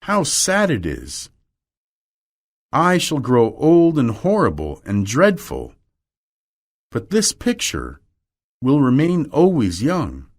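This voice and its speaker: A man's voice: medium pitch, huge pitch swings, takes it slowly, pauses often, pitched above the performer's own voice, heavily acted. A man reading aloud and voicing a vain young man in despair, speaking in a pleading, emotional way. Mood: anguished.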